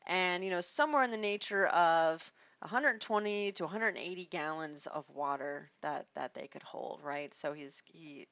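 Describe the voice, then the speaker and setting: Working through each thought in a conversational Bible study, this teacher restarts phrases, acts out quoted lines and speaks expressively. Her somewhat low voice moves at a moderate pace with few pauses. The audio is dry, dull and lo-fi, with no room sound.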